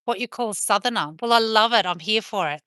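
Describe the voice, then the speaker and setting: A woman's voice: mid-range voice, fairly quick, sharp tone, clear, resonant tone, dry recording, clean studio sound. A woman with an Australian accent chatting casually on a live stream from her farm, talking to her viewers and calling to her dogs in turn. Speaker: livestreamer on a farm.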